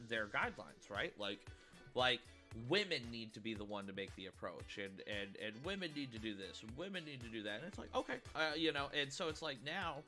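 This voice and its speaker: A man's voice: medium pitch, pushed and bright. A man hosting a reaction video, rambling casually with many restarts and laughs. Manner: rambling, repeats words, laughs often.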